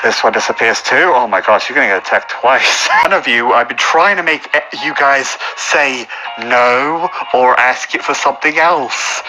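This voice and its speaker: A man running a tabletop game as game master, animated and often breaking into laughter, with music behind. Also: mid-range voice, moderate pace, hardly any pauses, background noise. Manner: giggly, animated, often laughing between lines. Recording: music playing in background.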